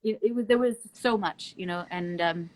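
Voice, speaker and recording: A woman's voice: on the low side, normal speed, a little mellow. Blunt, emphatic woman guest. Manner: blunt and emphatic, swears freely; laughs between points. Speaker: interview guest. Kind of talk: casual conversation on a live stream.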